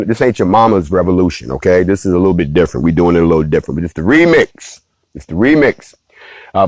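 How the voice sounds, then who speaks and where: A man's voice: on the low side, a little mellow, no echo. Preachy, playful man talking to viewers. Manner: preachy, playful, addresses the audience directly. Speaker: host. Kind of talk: casual morning talk to viewers.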